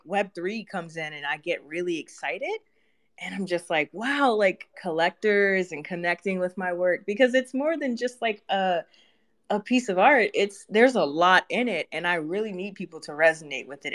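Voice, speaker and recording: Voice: mid-range voice, normal speed. Candid, laughing artist guest. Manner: candid, laughs often, expressive. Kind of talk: casual interview chat.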